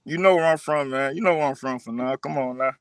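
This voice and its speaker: A man from Detroit joining a boxing stream as a guest, talking in a relaxed way with repeated words and fillers. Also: medium pitch, fast, clean tone, no room sound, clean studio sound. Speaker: call-in guest, boxing fan. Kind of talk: casual chat.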